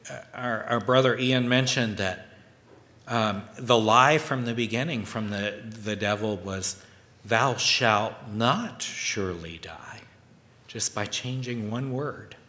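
A man preaching a scripture sermon, slow and halting, reading verses aloud between his own remarks. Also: medium pitch, steady tone, pushed and bright. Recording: long hall reverb.

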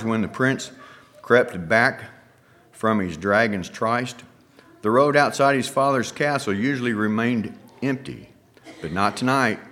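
A man preaching by telling an allegorical story, reading in a hushed, dramatic way with slow pauses. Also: mid-range voice. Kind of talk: sermon storytelling.

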